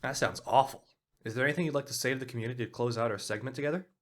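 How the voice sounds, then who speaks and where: A man hosting a comedic mock interview with a fast, deadpan delivery. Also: medium pitch. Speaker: host.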